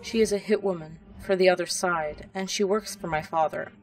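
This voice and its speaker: A woman's voice: lowish voice, fairly even intonation, moderate pace, far from the mic, natural voice, poor audio. A woman reading the lines of a cold, drawling, contemptuous young male wizard from a storybook.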